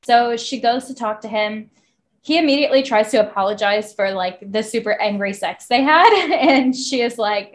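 A young woman co-hosting a podcast, casually recapping a novel, animated and swearing freely as she acts out the characters' lines. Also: a little high, normal speed. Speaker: podcast co-host. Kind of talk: casual book recap chat.

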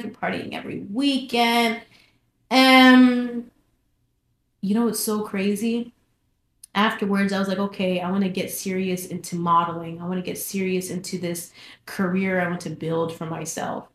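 Young woman telling her story, echoey room. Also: medium pitch. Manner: animated storytelling, repeats phrases for emphasis. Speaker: vlogger sharing her testimony. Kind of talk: casual personal testimony.

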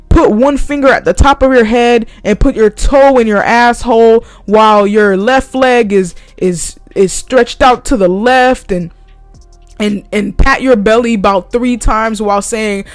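A woman's voice: a little high, moderate pace, faint music behind. A young woman ranting heatedly and sarcastically in a profane vlog monologue. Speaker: vlogger.

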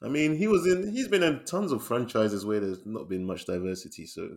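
A man's voice: medium pitch, brisk, darkish tone. A man co-hosting a casual film chat podcast, easygoing and chatty, often laughing. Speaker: podcast co-host.

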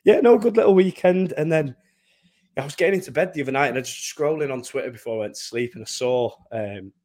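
A man's voice: fairly high pitch, fast talker, darkish tone. A young man co-hosting a podcast, rambling through his thoughts and laughing often at himself. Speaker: podcast co-host. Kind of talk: casual chat.

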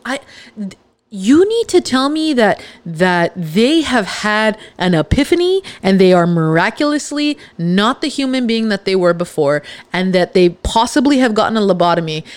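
In a dry recording, a woman with a mid-range voice who hosts a podcast encourages her listeners with chatty emphasis. She hails from Los Angeles and keeps laughing and restarting as she talks.

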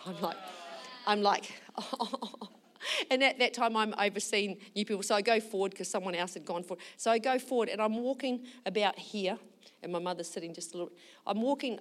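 A woman pastor preaching a sermon, telling a story with lively acted quotes and leading a fervent prayer. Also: medium pitch.

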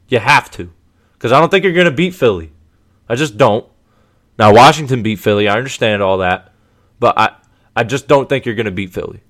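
A man giving a casual, emphatic sports commentary monologue as a show host, full of rhetorical questions and repetition. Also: mid-range voice. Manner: animated, emphatic, repeats himself, rhetorical questions.

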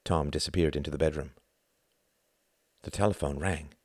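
A man narrating an audiobook in a steady, even reading voice. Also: rumbling low, normal speed, no room sound, studio quality.

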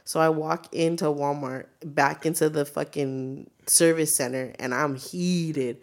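Young female podcast co-host, low voice, foul-mouthed, animated storyteller, acts out quotes. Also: measured pace. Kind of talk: casual chat.

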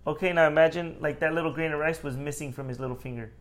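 A man's voice: on the high side, fast talker. A young man co-hosting a casual podcast, telling a work story and acting out the people in it. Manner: animated storyteller, acts out quotes. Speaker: podcast co-host. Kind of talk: casual chat.

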